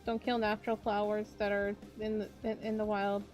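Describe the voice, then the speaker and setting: A woman's voice: medium pitch, level tone, fairly quick, a little mellow, faint music behind. A young woman streamer chatting casually while drawing, telling rambling stories full of fillers and little voiced quotes. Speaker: VTuber streamer.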